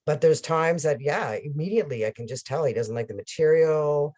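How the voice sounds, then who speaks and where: A woman's voice: sits low, a little fast, dull audio. A woman hosting an interview, chatting casually and telling a personal story, with some fillers along the way. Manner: chatty, anecdotal, with soft laughs and fillers. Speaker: podcast host. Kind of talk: conversational interview.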